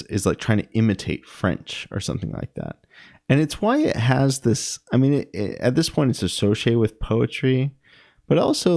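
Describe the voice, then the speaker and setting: A young man giving a casual, musing analysis of a poem, halting often with ums and self-corrections. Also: mid-range voice, darkish tone, no echo, studio quality. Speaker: poetry commentator.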